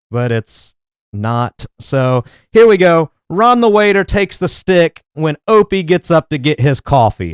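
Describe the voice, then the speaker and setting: A man hosting his own commentary podcast, speaking in a smooth, slightly high voice that swings widely in pitch. His manner is sarcastic and mocking. The close mic gives a dry, intimate sound. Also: no room sound. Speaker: podcast host and critic. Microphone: studio mic.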